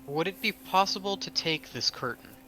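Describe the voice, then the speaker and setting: A man playing a tabletop game, talking through his moves in a deliberate, wry way. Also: sits high, animated, sharp tone, a little hiss or hum. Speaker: player.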